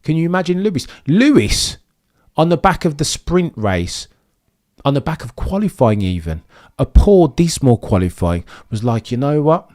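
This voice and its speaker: Animated ranting man. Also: fairly high pitch, normal speed. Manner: emphatic, addresses chat directly. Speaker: F1 news commentator. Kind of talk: animated reaction rant.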